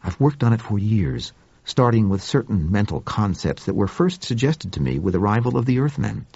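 A man voicing a gentle, furry male Martian with a soft, sibilant, formal way of speaking, in an audiobook reading. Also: fairly low pitch, big pitch swings, vocal fry, breathy edge, no room sound, highs cut off, heavily acted. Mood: earnest. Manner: measured, formal speech.

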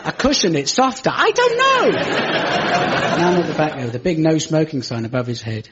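Lively-voiced British comic, lo-fi radio. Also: male voice, fast, a loud crowd, very noisy. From Britain. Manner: dry, self-mocking, rises to exasperated high pitch. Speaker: stand-up comedian and radio show host. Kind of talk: stand-up comedy monologue with audience questions. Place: studio with live audience.

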